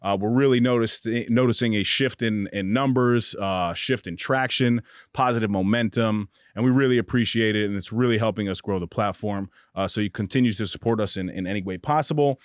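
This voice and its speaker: A man's voice: lowish voice, brisk, no room sound, studio quality. A young man hosting a podcast in a booth, chatting casually with upbeat energy and plenty of fillers and restarts. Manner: upbeat, hyped shout-outs, frequent fillers and restarts. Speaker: podcast host.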